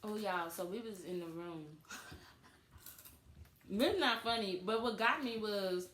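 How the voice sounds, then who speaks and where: Animated woman in a roomy echo. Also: medium pitch, measured pace, pauses often. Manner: animated storytelling, laughs often. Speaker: co-host of couple channel. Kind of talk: casual couple chat. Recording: echoey room with faint noise.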